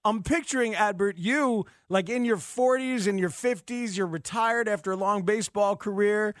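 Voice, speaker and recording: A man's voice: high-pitched, moderate pace, no room sound, studio quality. A man interviewing a player, asking questions in a playful, upbeat way. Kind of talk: morning interview.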